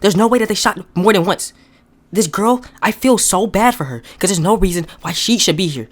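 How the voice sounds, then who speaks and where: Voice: medium pitch, animated, fairly quick. A comedic movie reviewer who rants in exasperation and keeps repeating outraged questions about a bad film.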